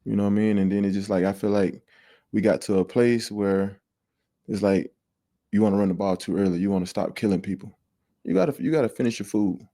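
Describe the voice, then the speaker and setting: A plain-spoken man, a former player, talks through the game in casual chat. His voice is low and mellow. He is recorded dry and close. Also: fairly quick, no room sound. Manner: plain-spoken, repeats himself for emphasis.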